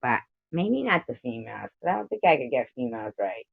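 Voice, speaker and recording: A woman's voice: a bass voice, big pitch swings, a little fast, vocal fry, breathy edge, dry recording. An American woman hosting a casual livestream, rambling and giggly as she reads out viewer comments. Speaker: livestream host. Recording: dull lo-fi stream audio.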